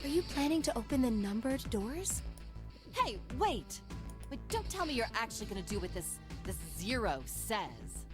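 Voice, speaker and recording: A woman's voice: on the high side, big pitch swings, moderate pace, over music. A woman voicing an alarmed young woman who objects and exclaims. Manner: startled, exclaiming.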